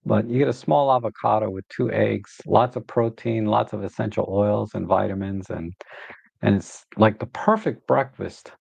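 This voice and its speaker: A man with a gravelly voice chats casually as host of a photography livestream. He rambles, circling back with fillers and false starts. The sound is dry and slightly dull, like a lo-fi home setup. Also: lowish voice, moderate pace, a little mellow, no echo. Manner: rambling, many fillers and restarts, baby talk to his dog. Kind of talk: casual live-stream chat.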